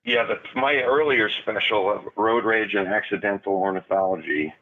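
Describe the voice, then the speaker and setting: A man's voice: on the low side, normal speed. Laid-back man on a tinny phone line. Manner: laid-back, chuckles between thoughts. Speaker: guest comedian. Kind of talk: casual chat. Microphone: remote call.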